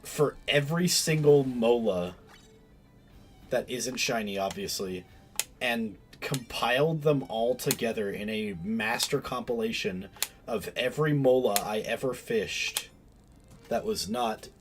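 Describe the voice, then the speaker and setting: A man streams a game over music, chatting casually in a mid-range voice at a measured pace. He rambles, keeps interrupting himself to stop and restart sentences, and uses many fillers.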